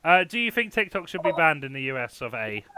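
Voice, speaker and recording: A man's voice: fairly high pitch, big pitch swings, fast talker, background noise. A man hosting an online comedy panel, hesitant with many fillers and laughing often.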